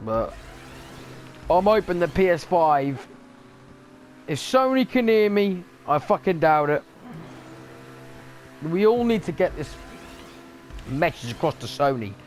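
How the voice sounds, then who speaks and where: A man's voice: on the high side, sing-song, takes it slowly, long pauses, a little hiss or hum. A man ranting angrily in a sweary gaming vlog monologue. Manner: angry, sweary rant. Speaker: gaming vlogger.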